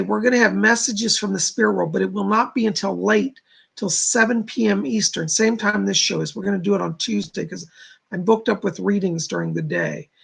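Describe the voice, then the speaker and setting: Male livestream host, rough gravelly voice, breathy edge, chatty and rambling, reads chat aloud. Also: sits high, fairly bright tone. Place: home studio.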